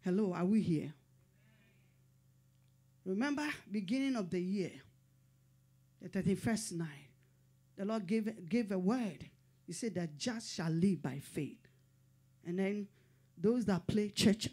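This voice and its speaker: A woman's voice: mid-range voice, expressive, a little slow, warm tone, breathy edge. A middle-aged woman pastor preaching a sermon in short, fervent, repeated declarations.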